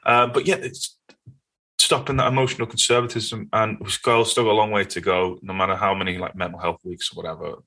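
A man with a Northern English accent, a guest in an interview, telling stories in an earnest, animated way. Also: on the low side, a little fast. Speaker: podcast guest. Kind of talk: conversational interview.

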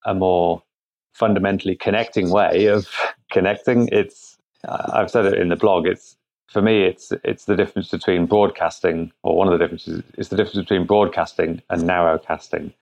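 Guy talking over a call, deep gravelly voice, stops and restarts a lot, sound a bit muffled. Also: steady tone, darkish tone. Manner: thoughtful, halting, frequent restarts. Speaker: guest, product founder. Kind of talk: conversational interview answers. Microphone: remote internet call. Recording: muffled remote call audio.

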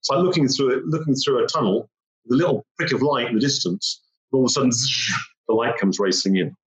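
A man's voice: mid-range voice, fast. A man telling a personal story in vivid detail, repeating phrases and acting out the moments he describes. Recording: roomy, dull lo-fi sound.

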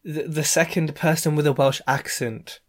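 A man hosting a property podcast, chatty and jokey with quick asides. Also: on the high side, fairly even intonation. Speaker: podcast host. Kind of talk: casual podcast interview.

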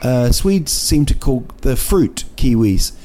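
Taking it slowly, a man with a warm mid-range voice and lively intonation hosts a casual solo podcast, with a little hiss or hum audible. He rambles and jokes, full of fillers and restarts, in an indoor city room at night.

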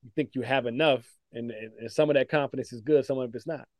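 A man, a former pro basketball player, telling lively stories in a casual podcast chat, with lots of "like" fillers and laughter. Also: medium pitch, fast talker, dry recording, studio quality. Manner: animated storytelling, frequent "like" fillers and laughs.

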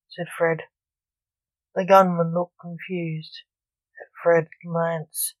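A woman narrating a short story in a plain, even reading. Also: on the low side, slow, no echo, low-quality recording.

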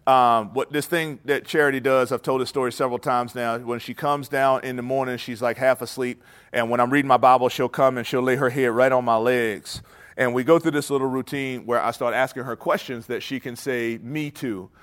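A man's voice: medium pitch, fairly even intonation, fairly quick, clear, resonant tone. Man preaching in a chatty storytelling way. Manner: conversational storytelling, then hushed prayer. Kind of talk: sermon ending in prayer.

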